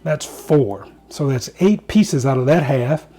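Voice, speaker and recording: A man's voice: mid-range voice, expressive, takes it slowly, mellow. A man hosting a casual home cooking show, chatting to viewers and joking at himself as he cooks in his kitchen.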